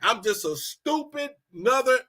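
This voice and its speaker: A man from Los Angeles talking straight to his audience in a blunt, profane, animated rant full of repeated phrases. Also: very high voice, moderate pace. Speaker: commentator. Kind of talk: casual political rant.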